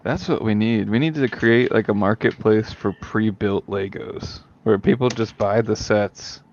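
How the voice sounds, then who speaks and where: A man with a lowish, gravelly voice making calm, deadpan remarks in a casual chat. The sound is dull and lo-fi with a faint hiss behind it. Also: a little slow.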